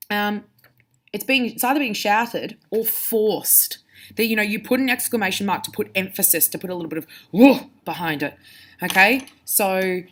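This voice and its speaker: A woman's voice: mid-range voice, fairly bright tone. A woman teacher giving a reading lesson to pupils, explaining patiently and demonstrating with her own voice. Her delivery is conversational, with the odd restart as she looks for examples.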